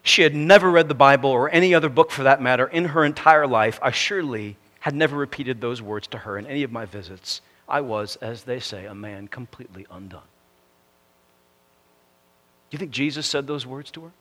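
A man preaching a sermon, reading a story aloud in an earnest way that sinks to a hush at the ends of phrases and rises to emphatic preaching. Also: mid-range voice, fast, few pauses.

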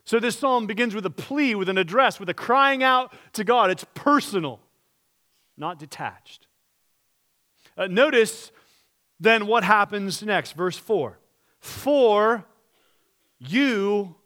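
A man's voice: high-pitched, animated, a little slow, pauses often, bright, forceful tone. A man pastor preaching a sermon, earnest and direct, asking the congregation rhetorical questions and reading scripture aloud.

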